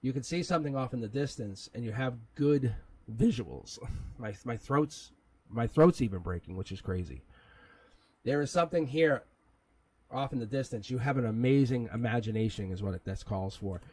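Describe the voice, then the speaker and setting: Medium in pitch, expressive and a touch rough, the man's voice has a darkish tone and a moderate pace. He's hosting a live tarot reading, rambling casually, chuckling frequently and swearing at times. There's no room sound, and the recording is rough.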